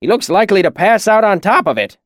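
Male narrator putting on an old grouch, testy and blunt, pitched up. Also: very animated, fast talker, a bit bright, no echo, clean studio sound. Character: cranky old village man.

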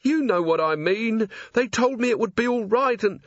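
A man's voice: high voice, lively intonation, moderate pace, dry recording, highs cut off, voice pushed up. A man voicing a nervous, blunt-witted candle maker who whines and pleads in a wheedling tone. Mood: pleading.

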